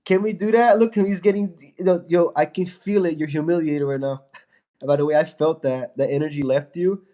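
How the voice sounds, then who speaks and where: A young man trash-talks and laughs at a viewer during a casual livestream. His nose is stuffy from a fever. His voice sits a little high. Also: normal speed, mellow, highs cut off. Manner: mocking, trash-talking, laughing at a chat viewer.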